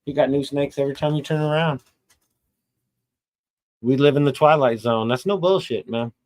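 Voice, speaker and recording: A man's voice: mid-range voice, moderate pace, a little mellow, rough recording. A middle-aged man hosting a live chat stream, talking bluntly and profanely in a rambling, casual rant full of restarts.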